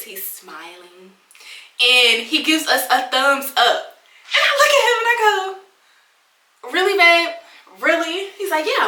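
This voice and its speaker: A young woman, telling a story to her viewers in a lively, chatty way and calling them girl and y'all. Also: mid-range voice. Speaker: lifestyle vlogger. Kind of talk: casual storytelling to camera. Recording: echoey room, voice a bit distant.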